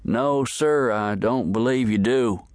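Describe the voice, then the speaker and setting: A man's voice: medium pitch, slow pace, a little mellow, no echo, voice pushed up, close to an everyday voice. A man voicing a courteous, helpful male ticket clerk in a western audiobook. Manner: courteous, obliging.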